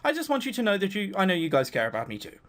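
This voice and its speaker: A man's voice: sits high, wildly swooping pitch, rapid-fire. A man voicing an anxious, self-doubting teenage boy who is upset and near tears in a visual novel. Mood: sheepish.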